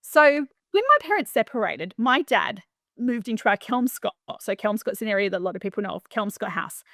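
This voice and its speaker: A middle-aged Australian woman talks through her stories as a podcast guest, chatty and animated, often restarting sentences. Her pitch sits in a mid range for a woman. The sound is dry and close, with no room around it. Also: brisk, dry recording. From Western Australia. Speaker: property manager, podcast guest. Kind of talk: casual interview storytelling.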